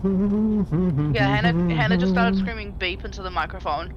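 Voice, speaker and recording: A woman's voice: on the low side, fairly even intonation, quick pace, muffled recording, a crowd in the background. A woman streaming a driving game, chatting casually and bluntly with friends while cursing freely. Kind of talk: casual gaming chat.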